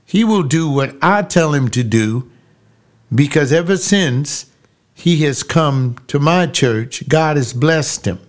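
An older man, a pastor, telling a personal story slowly and emphatically, repeating phrases and rising into preaching. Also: on the high side, lively intonation.

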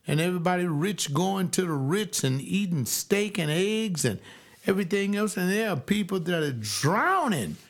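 Emphatic gravelly-voiced man. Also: on the high side. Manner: emphatic, repetitive, with loud rising outbursts. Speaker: commentator reading and reacting to a historical text. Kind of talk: impassioned commentary.

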